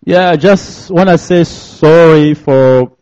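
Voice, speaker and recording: A young man with a French accent preaches in an unhurried, deliberate way, repeating his phrases and breaking into laughter between them. His voice sits a little higher than most men's. The recording is dull and lo-fi. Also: darkish tone. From DR Congo. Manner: slow, repetitive, laughing often. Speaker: guest preacher. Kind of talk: sermon.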